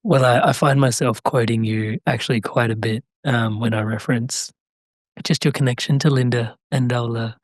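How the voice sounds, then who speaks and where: A male podcast host speaks earnestly, feeling his way toward each question. His voice sits at a middle pitch, and the recording is dry and close, with no echo. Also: fairly even intonation, moderate pace. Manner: earnest, searching for words. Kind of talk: interview conversation.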